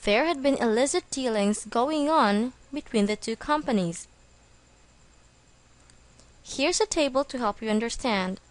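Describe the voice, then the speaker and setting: A woman teaching an English vocabulary lesson in a slow, deliberate read, lingering over each word and spelling terms out letter by letter. Her voice sits a little high, and the recording is dry and close with no room sound. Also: expressive, dry recording.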